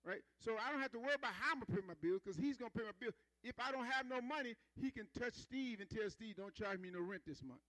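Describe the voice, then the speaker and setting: High, bright-voiced male preacher. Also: fast talker, few pauses, dry recording, poor audio. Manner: conversational, call-and-response, rhythmic emphasis. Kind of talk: sermon.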